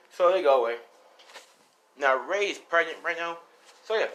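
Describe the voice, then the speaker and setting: A man's voice: a little high, expressive, moderate pace, noisy background. A man casually retelling a fan story, rambling along with lots of fillers and swearing.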